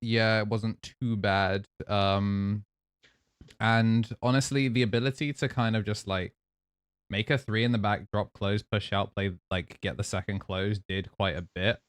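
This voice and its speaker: A man's voice: on the low side, steady tone, measured pace, clean tone, no echo. A man hosting a casual podcast chat, talking through game strategy in an analytical, laid-back way. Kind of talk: casual podcast chat about card games.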